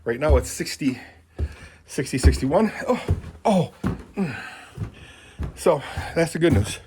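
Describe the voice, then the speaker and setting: A man's voice: a little high, expressive, unhurried, noisy background. An older man from Michigan chatting in a meandering vlog, full of fillers, talking to his animals around the house and horse stalls, recorded on a handheld phone. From Michigan, USA. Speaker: vlogger. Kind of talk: rambling casual vlog.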